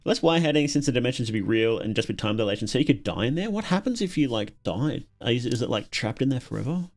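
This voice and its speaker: A man's voice: medium pitch, lively intonation, fast talker, soft background music. An Australian man hosting a casual livestream, reacting to videos and chatting with viewers, often chuckling and repeating words as he thinks.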